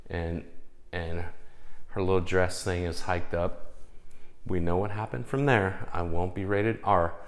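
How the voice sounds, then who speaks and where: A man telling a personal story in casual, profane speech, often checking in with "okay?". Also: sits low. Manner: profane, emphatic, keeps asking "okay?". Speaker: vlogger.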